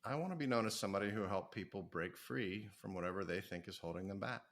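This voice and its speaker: A man's voice: on the low side, quick pace. A middle-aged man, an author and business coach, talking energetically and telling stories as a podcast guest. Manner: energetic, storytelling, self-promoting. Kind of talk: podcast interview.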